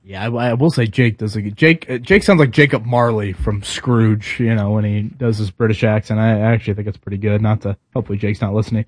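A man hosting a morning sports talk show in casual chat, emphatic and animated, restarting his sentences often. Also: on the low side, fairly quick, hardly any pauses, dry recording, studio quality.

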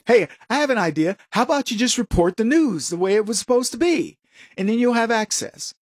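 A man with a notably high voice rants through an opinion monologue, combative and sarcastic. He mocks his opponents as he goes. The sound is close and dry, with no room at all. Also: lively intonation, brisk, no echo. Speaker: political commentary show host.

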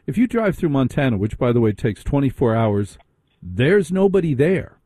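Man, late-night call-in radio host, dry teasing banter, mellow dark tone. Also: mid-range voice, sing-song, normal speed, no room sound.

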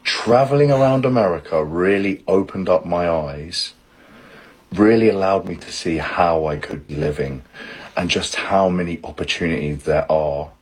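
A man's voice: deep voice, normal speed, a little mellow, husky. A man from the UK talking earnestly and wistfully in a personal vlog about his travels. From United Kingdom. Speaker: traveller in a video clip.

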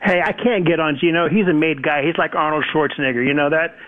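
A man's voice: on the high side, steady tone, quick pace. A man calling in to a sports radio show, brash and trash-talking, heard through a phone line. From San Antonio area. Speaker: caller.

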